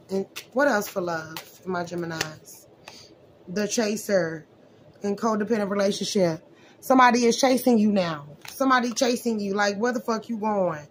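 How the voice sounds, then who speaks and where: A woman's voice: medium pitch, a little hiss or hum. A woman doing a tarot reading for viewers, naming the cards one after another and adding blunt, profane asides. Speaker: tarot reader.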